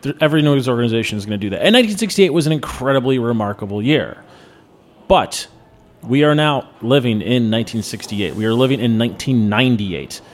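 A man's voice: mid-range voice, expressive, fast. A man in his thirties hosting a podcast in casual chat, blunt and opinionated, given to jokey rants. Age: 30s. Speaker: podcast host.

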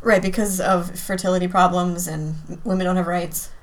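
A woman co-hosting a podcast in casual chat, lively and quick to sound indignant. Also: lowish voice. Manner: lively, indignant about the news. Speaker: podcast co-host.

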